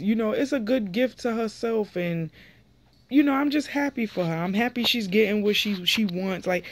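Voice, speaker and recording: A woman's voice: lowish voice, dry recording. A young woman talks straight to the camera, recapping a reality show episode in a loose, chatty way. She is opinionated and gets heated when someone on the show annoys her. It sounds like she is filming at home. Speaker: TV recap vlogger. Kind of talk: casual reality TV episode review.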